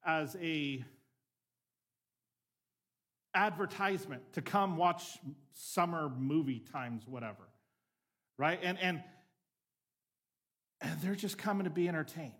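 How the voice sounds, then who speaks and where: A male pastor preaching a conversational sermon, often checking in with the room and swinging between emphatic lines and quieter asides. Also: fairly high pitch, lively intonation, a little slow, long pauses.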